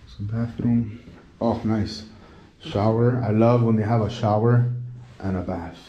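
A man's voice: fairly low pitch, fairly even intonation, unhurried, dull audio. A man casually touring a hotel suite for a vlog, chatty and full of fillers, talking to his viewers as he walks the rooms and terrace. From United States. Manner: chatty, filler-heavy, enthusiastic. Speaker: travel vlogger.

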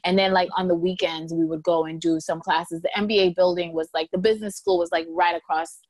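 A woman lawyer talking casually as a guest in an interview, telling lively stories and acting out quotes with a laugh. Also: on the low side, fairly quick, no echo. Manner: lively storyteller, acts out quotes, laughs often.

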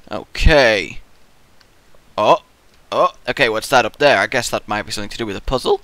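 A young man hosting a gaming video, talking in an excitable, rambling way and acting out the player's thoughts in silly voices. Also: medium pitch, brisk, pauses often, no room sound. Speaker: gaming channel host. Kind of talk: Let's Play commentary.

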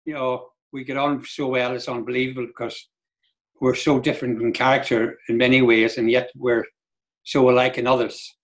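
A man's voice: medium pitch, flat delivery, normal speed. An older man from Donegal, a guest in a casual interview who tells long, rambling stories and acts out what others said. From Donegal, Ireland. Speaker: guest, Irish dance teacher.

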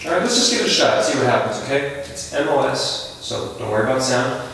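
A pushy, overexcited casting director rattles off rapid directions and jumps up loudly whenever he gets excited. His voice bounces around a very echoey room, heard from well back from the mic over steady noise. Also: mid-range voice, distant mic. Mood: brisk. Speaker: casting session runner. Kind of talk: scripted comedy sketch.

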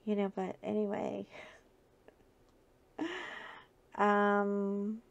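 A woman host chats casually and tells a funny story at an unhurried pace, often breaking into laughter. Her pitch sits in a middle range. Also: completely flat delivery, gravelly, highs cut off. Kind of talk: casual chat.

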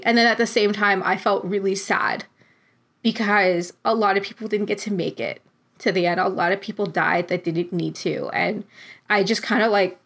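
A woman's voice: medium pitch, a bit bright. Chatty young woman, heartfelt story. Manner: heartfelt, chatty, many fillers. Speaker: vlogger. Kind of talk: casual storytelling vlog.

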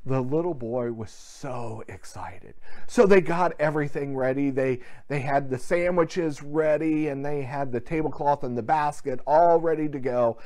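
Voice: mid-range voice, a little slow, hardly any pauses, warm tone. A pastor giving a sermon to a church without its congregation gathered, telling a story with quoted dialogue in an earnest way.

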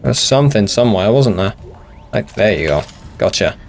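A man's voice: lowish voice, animated, normal speed, slight background noise. A young man hosting a gaming channel, chatting casually and mocking himself as he plays. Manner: self-deprecating, sweary, chatty. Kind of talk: casual let's play commentary.

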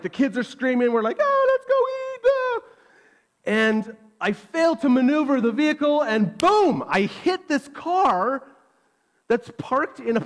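A man, preaching a sermon and telling a self-deprecating personal story with animated energy. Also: very high voice. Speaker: pastor.

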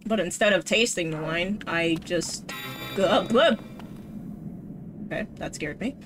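Here a woman at a moderate pace and a fairly low pitch gives casual commentary on the game she's streaming. She bounces from mock alarm to swearing to sarcastic good cheer, all over background game music.

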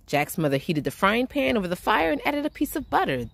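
A woman reading a picture book aloud to children in a gentle, expressive storytelling manner. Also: fairly high pitch, a little fast, vocal fry, hardly any pauses. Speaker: children's read-aloud host.

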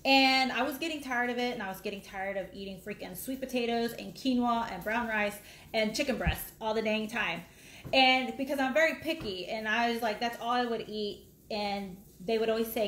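In an echoey kitchen with faint background noise, a middle-aged woman vlogger talks casually as she cooks, wandering off between steps in a live cooking chat. Her voice sits on the high side, a bit bright, at a normal speed.

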